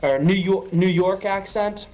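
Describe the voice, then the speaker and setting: This young Western Pennsylvania man has a high, darkish voice and takes his time as he jokes and rambles through a casual stream chat with plenty of fillers. Faint music sits in the background.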